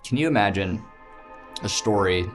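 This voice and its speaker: A man's voice: fairly low pitch, expressive, moderate pace, faint music behind. A man in an improv comedy scene, playing a put-upon stepfather and musing in dry asides.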